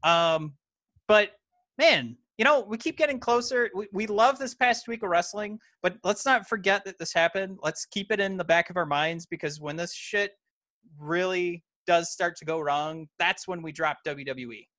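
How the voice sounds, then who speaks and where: A man's voice: high voice, normal speed, bright, forceful tone, dry recording. A man co-hosting a casual podcast, talking with lots of fillers and restarts. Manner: hesitant, many fillers and restarts. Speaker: podcast co-host. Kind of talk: casual wrestling podcast chat.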